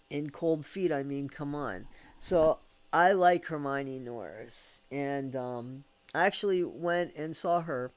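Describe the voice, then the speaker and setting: A man's voice: a little high, smooth. An American man telling a candid, rambling story at home, swearing casually and laughing between thoughts. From United States. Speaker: vlogger. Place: at home with his dog.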